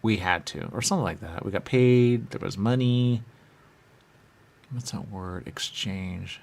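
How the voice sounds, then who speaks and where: A man with vocal fry and a slightly mellow quality speaks as a dead spirit in the first person. He rambles and hesitates, trailing off into fillers, and switches to high-pitched voices when quoting.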